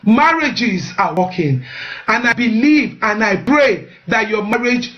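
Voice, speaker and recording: On her live-streamed marriage advice show, a woman with a fairly high, bright voice and lively intonation speaks at a measured pace through dull audio. She's earnest and urges her listeners, frequently repeating words while she finds the next.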